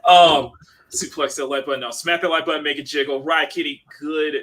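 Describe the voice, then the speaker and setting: A man's voice: a little high, steady tone, a little fast, fairly bright tone. A man hosting a casual livestream chat, laughing often and reading out chat messages. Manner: chatty, laughs often, reads chat aloud. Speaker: livestream host.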